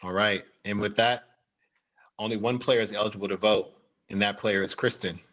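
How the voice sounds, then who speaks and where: A man's voice: lowish voice, fairly even intonation, moderate pace, pushed and bright, dull audio. A man hosting an online party game over a video call, with an upbeat, announcer-like delivery. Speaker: game host.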